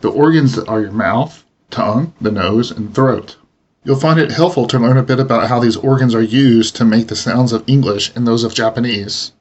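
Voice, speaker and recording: A man reading an instructional language lesson in a measured, explanatory way. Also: medium pitch, slightly rough. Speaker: language teacher. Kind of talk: instructional narration. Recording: dull lo-fi voice recording.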